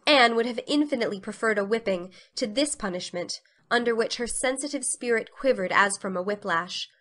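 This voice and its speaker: A woman narrating a classic novel as a dramatic storybook reading, with expressive storytelling. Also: a little high, fairly quick.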